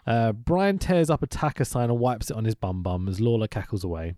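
Recapping a wrestling show on a laid-back podcast, this male co-host jokes around, laughs a lot and reads from his notes. His fairly low voice is brisk and warm, captured in a dry, studio-quality recording.

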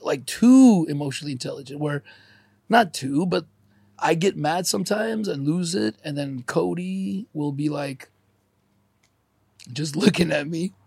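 A man in his forties talks through tears in a podcast chat, swearing often and laughing between words. His voice is gravelly and husky, and it sits a little high for a man. The room sounds dry. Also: unhurried, a little mellow, no room sound. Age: 40s. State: crying. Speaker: podcast co-host. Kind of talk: emotional podcast conversation.

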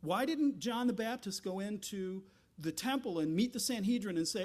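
Male pastor, high-pitched, animated sermon delivery with questions and asides. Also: moderate pace.

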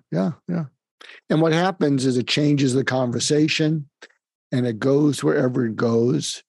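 An older man talks in a gravelly, husky voice, slow and halting, with many small pauses. He sounds calm and close to the mic. The room adds little echo. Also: medium pitch. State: facing terminal illness. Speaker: guest, psychiatrist and author. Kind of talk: emotional conversational interview.

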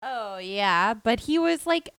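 A playful woman co-hosting a podcast, tossing off dry quips between quick bits of agreement. Her voice sits a little high and sounds dry and close to the mic. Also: animated, fairly bright tone, clear, resonant tone, no room sound. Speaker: podcast co-host. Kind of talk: casual chat.

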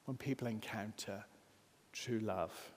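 A man preaching a sermon, earnest, building emphasis with rising lines and then dropping soft. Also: fairly low pitch, slow, long reverb tail, slight background noise. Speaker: pastor.

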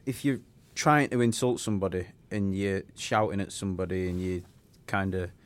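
Low-voiced man, ranting casually. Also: normal speed. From England. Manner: animated, ranting, rhetorical questions. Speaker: podcast co-host. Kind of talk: casual chat.

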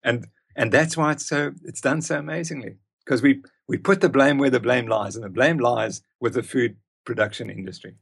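A man's voice: mid-range voice, moderate pace, vocal fry, few pauses, husky. An older man, a guest expert telling stories emphatically in a conversational interview. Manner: emphatic, storytelling.

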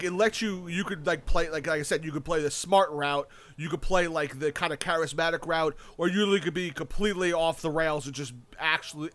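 A young man with a somewhat high-pitched voice talks in a loose, rambling way. He piles on "like" and starts sentences over and over. He swears casually and stays eager throughout. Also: a bit bright. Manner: rambling, filler-heavy, with frequent restarts and casual swearing; enthusiastic about a video game. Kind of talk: casual chat.

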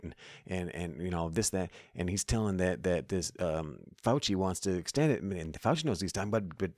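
Casting: man, very low voice, quick rambling delivery, profane, dry close sound. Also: no room sound. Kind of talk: casual chat.

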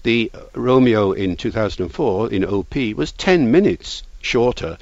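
A man's voice: mid-range voice, expressive, a little slow, a little mellow, no room sound, lo-fi sound. A man, a linguist guest, explaining points at length in an interview with an authoritative, lecturing manner.

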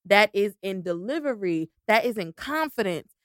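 A woman co-hosting a casual chat podcast, excitable and prone to loud bursts and restarts. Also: medium pitch, moderate pace, smooth, no echo, clean studio sound. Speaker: podcast co-host.

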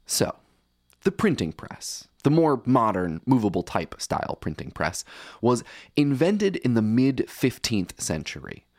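A man's voice: mid-range voice, very animated, a little slow, a little mellow, no echo, clean studio sound. A man hosting a podcast, reading wry, playful scripted narration. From United States. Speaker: podcast host.

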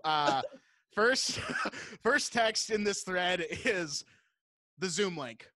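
Bright, laughing man hosting a podcast. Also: high-pitched, expressive, drawn-out words, dry recording. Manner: laughing, swearing, storytelling. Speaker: podcast host. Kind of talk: casual chat.

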